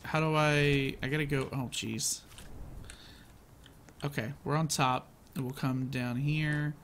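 A man giving casual, excitable commentary as he plays a video game and narrates his own moves. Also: medium pitch. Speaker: gaming channel host.

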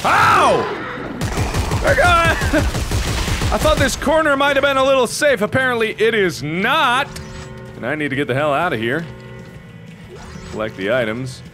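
A young man in his twenties doing loud, excitable gaming commentary, swearing and yelling at enemies. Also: sits high, moderate pace, music in the background. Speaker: let's play host.

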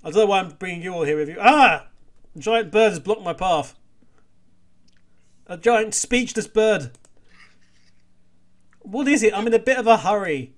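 A man with a high, light voice hosts a comedic let's play. He reads game dialogue aloud and keeps up playful, jokey asides. He speaks with quick, teasing energy. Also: animated.

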